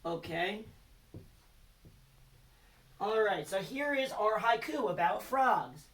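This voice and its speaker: A man's voice: high voice, lively intonation, slow pace, long pauses, fairly bright tone. A man giving a recorded lesson to children, patient and encouraging, quizzing them with letter hints. His voice sounds a little far from the microphone. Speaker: teacher.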